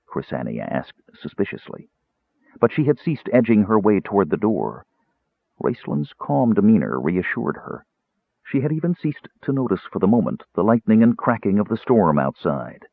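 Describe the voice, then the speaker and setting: A man narrating a fantasy novel as an audiobook with an expressive, dramatic reading. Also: low voice, moderate pace, creaky, breathy edge, no room sound. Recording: tinny phone-like audio.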